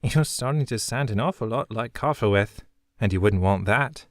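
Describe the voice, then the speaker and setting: A man's voice: lowish voice, normal speed, dry recording, clean studio sound, natural voice. A man voicing a shrewd, wry young woman smuggler who talks in a chipper, blunt way.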